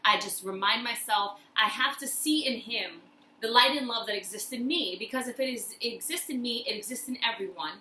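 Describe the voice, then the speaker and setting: A woman's voice: on the high side, lively intonation, fairly quick, pushed and bright. A woman vlogger talking earnestly and thoughtfully about personal growth, repeating phrases for emphasis. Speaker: self-help vlogger. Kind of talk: reflective personal talk. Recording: echoey room with faint noise.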